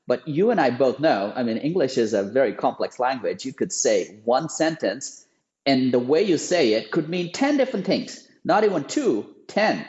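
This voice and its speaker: A man's voice: medium pitch, big pitch swings, moderate pace, darkish tone, lo-fi sound. A man guesting on a podcast, explaining his field emphatically with frequent restarts and repeated words. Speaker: guest, voice AI company founder. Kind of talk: podcast interview.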